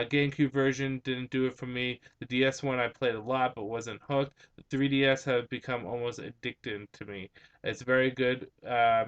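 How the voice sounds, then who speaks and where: A man's voice: medium pitch, fairly bright tone, smooth, highs cut off. A young man with a slight Spanish-influenced accent on some words, hosting a vlog and answering viewer questions in a rambling, hesitant way with many fillers. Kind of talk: casual chat.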